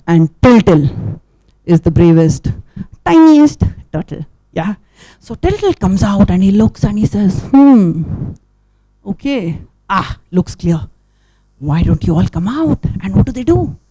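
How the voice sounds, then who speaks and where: Animated woman telling a children's story. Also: mid-range voice, no room sound. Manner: animated, asks the audience questions, sound effects. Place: live event stage.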